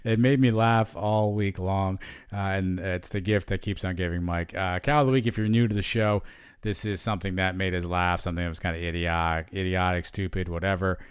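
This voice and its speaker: A man's voice: low voice, fairly even intonation, a little fast, clean tone, dry recording, studio quality. A man co-hosting a casual sports podcast, chatting with many fillers and restarts. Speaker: podcast co-host.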